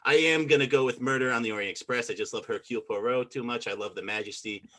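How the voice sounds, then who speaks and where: A man presiding over a casual podcast debate about films, relaxed and enthusiastic, with a lot of "like" and "you know". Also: medium pitch, quick pace.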